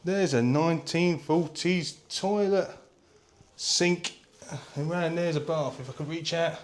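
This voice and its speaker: A man vlogging a casual walking tour of an open-air museum, chatty and excitable, talking straight to his viewers. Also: a little high, takes it slowly. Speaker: travel vlogger. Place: visiting an open-air museum, indoors and outdoors.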